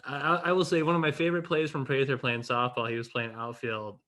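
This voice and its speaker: A man guest in a casual chat, rambling with halting restarts and casual swearing. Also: mid-range voice, flat delivery, pushed and bright.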